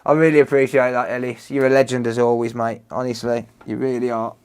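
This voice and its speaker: A man from the Black Country talks through a repair job on a livestream, answering viewers as he works. His voice sits at an ordinary middle pitch. He is relaxed and chatty, and he calls everyone "mate". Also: a little fast, smooth. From Dudley, West Midlands, England. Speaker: repair streamer. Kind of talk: casual livestream chat while repairing.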